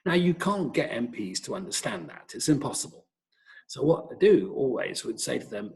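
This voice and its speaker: A middle-aged British man speaking in a webinar, his voice gravelly with a wide, animated swing in pitch. He tells wry, lively anecdotes as a professor recounting his research. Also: moderate pace, rough recording. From Britain. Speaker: professor, epidemiologist.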